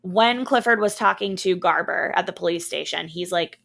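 A woman co-hosting a movie podcast, chiming in with dry, quick asides and plot notes. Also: lowish voice, gravelly, a bit bright. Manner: dry quick interjections, laughs along. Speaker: podcast co-host. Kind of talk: casual comedic movie chat.

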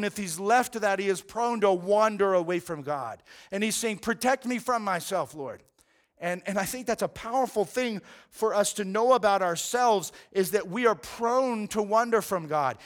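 A man's voice: sits high, a bit bright. A man preaching a sermon as pastor, earnest and conversational, often repeating words as he goes.

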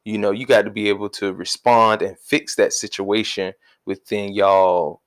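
Man, low pitch, relaxed, informal, casual podcast talk. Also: normal speed. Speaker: podcast co-host. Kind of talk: casual conversational chat.

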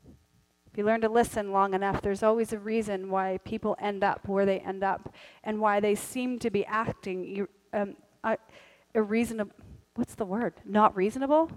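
A middle-aged woman preaching a sermon from a church stage, candid and humorous, with quieter earnest stretches. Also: medium pitch, steady tone, normal speed, no echo, low-quality recording. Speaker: pastor.

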